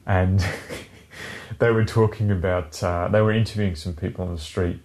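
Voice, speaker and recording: A man's voice: deep voice, fairly even intonation, moderate pace, darkish tone. A man co-hosting a casual podcast chat, rambling, swearing freely and laughing often. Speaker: podcast co-host.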